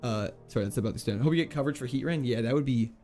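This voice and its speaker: A young man streams a game while casually reading and answering chat, playful and chatty, with quick laughs and jokey mock French. His mid-range voice has a dark tone, with soft music in the background.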